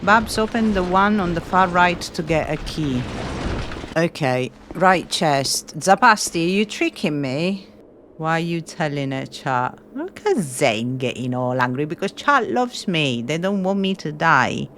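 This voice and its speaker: Excitable woman streaming a game. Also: low-pitched, a little slow, a little hiss or hum. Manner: excitable, swears often, chats to viewers. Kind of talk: casual live-stream commentary.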